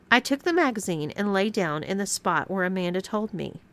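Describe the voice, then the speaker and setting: A woman reading a scripted first-person story aloud as narrator, with expressive storytelling. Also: medium pitch, fairly quick, few pauses.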